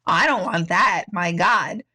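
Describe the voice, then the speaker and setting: A woman hosting a casual live stream as an intuitive, reading out viewer comments in an animated, chatty way with casual swearing and frequent laughter. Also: lowish voice, takes it slowly.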